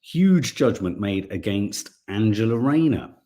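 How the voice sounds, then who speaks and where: A man's voice: lowish voice, lively intonation, measured pace, mellow. A middle-aged man, co-hosting a casual live stream, chatting and reading viewer comments while thinking aloud with frequent restarts.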